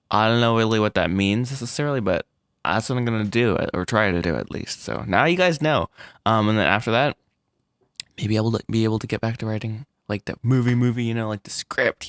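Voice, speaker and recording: A man vlogging about making his animated film, rambling and self-deprecating, with frequent restarts and little laughs. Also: lowish voice, no room sound, studio quality. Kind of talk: casual solo vlog.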